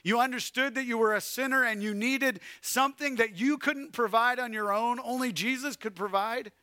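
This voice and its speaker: A man preaching a sermon, swinging between loud calls and hushed, quiet passages. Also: extremely high pitch, normal speed, dry recording, studio quality. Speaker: pastor.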